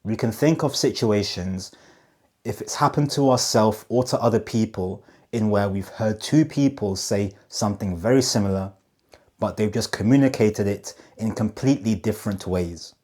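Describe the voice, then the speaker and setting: Man, low voice, direct-to-camera coaching, rhetorical questions, slows for emphasis. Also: darkish tone. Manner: emphatic, slows down on key phrases; demonstrative, asks rhetorical questions. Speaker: communication coach.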